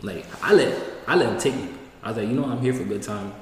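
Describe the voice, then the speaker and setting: Speaking fast in a fairly low voice, a young man tells a rambling slang-filled story and acts out what people said. The mic is distant in an echoey room, with faint hiss.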